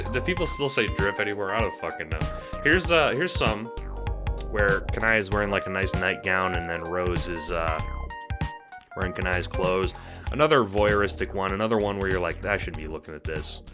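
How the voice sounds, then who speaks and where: A man casually reviewing fan art, enthusiastic and rambling, swearing freely, sleepy late at night. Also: low voice. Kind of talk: casual commentary.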